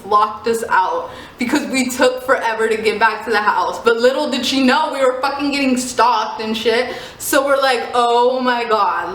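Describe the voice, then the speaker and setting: Young woman, fairly high voice, animated swearing storyteller, echoey room with faint hiss. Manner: animated, swearing, heavy use of "like". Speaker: storyteller vlogger. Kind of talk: casual storytime vlog.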